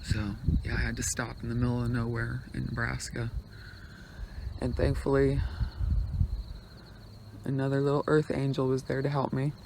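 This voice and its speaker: A man talks casually to his phone at a forest campsite, rambling along and restarting his sentences. His voice has a gravelly, creaky edge at a middling pitch. Wind buffets the mic and crickets chirp behind him. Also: monotone, normal speed, long pauses, a little mellow. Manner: rambling, chatty, trails off and restarts. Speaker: vlogger on a road trip. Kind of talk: casual chat to camera. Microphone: handheld phone.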